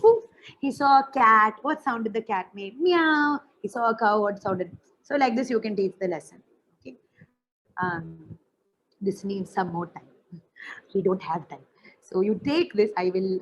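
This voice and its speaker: Woman, workshop trainer, mid pitch, lo-fi call audio. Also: slight background noise. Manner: friendly, explanatory, with quick asides. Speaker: teacher trainer. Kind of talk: online workshop instruction.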